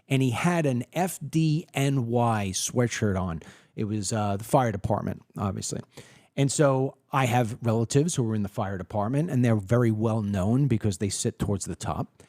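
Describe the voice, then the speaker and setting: A man hosting a political podcast, giving opinionated commentary and acting out quoted people in an animated storytelling way. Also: medium pitch, moderate pace, dry recording, clean studio sound.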